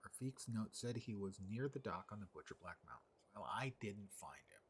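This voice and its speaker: A man's voice: on the low side, lively intonation, brisk, a little hiss or hum. A man streaming an online game live, narrating his play with wry muttered asides.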